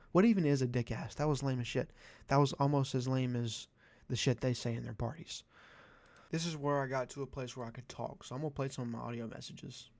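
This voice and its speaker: A man's voice: medium pitch, a little fast, creaky, darkish tone. A young man ranting in a vlog, profane and exasperated, with a sarcastic edge. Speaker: vlogger. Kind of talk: ranting commentary.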